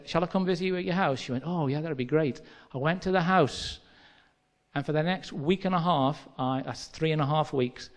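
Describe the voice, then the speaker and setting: An English preacher with a Midlands accent tells a personal story from the pulpit. He speaks conversationally and acts out the dialogue as he goes. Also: on the high side. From England. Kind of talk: sermon storytelling.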